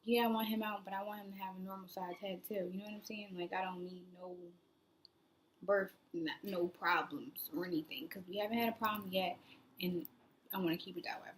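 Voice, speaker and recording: A young woman telling her own story in a casual vlog, rambling with lots of "like" fillers and sometimes dropping to a soft near-whisper. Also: medium pitch, fairly even intonation, fairly quick, slight background noise. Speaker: new mother vlogger.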